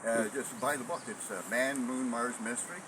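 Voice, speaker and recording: A man, an inventor guest, talking earnestly and haltingly with many fillers. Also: mid-range voice, crowd noise, poor audio. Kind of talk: casual interview chat.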